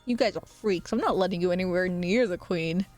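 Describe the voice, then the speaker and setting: A woman's voice: lowish voice, fairly quick, a little mellow, soft background music. A young woman streaming live, chatting casually with viewers and reading their comments aloud, with a playful, teasing manner and frequent laughter.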